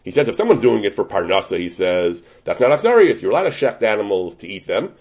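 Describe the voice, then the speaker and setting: A man gives a Talmudic lesson, working through a rabbinic ruling with plenty of Hebrew and Yiddish terms. His voice sits a bit low and is slightly husky. His pitch moves a lot, rising and falling as he argues each point. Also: very animated, fast talker, darkish tone. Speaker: Torah teacher. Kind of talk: Talmudic lecture.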